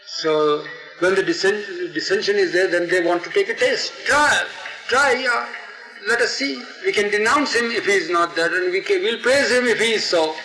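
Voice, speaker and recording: A man telling an oral history story in an animated, digressive way, acting out the people in it. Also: high-pitched, moderate pace. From India. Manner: animated, digressive, acts out the quotes. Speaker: storyteller, interviewee. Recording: echoey archival tape with music.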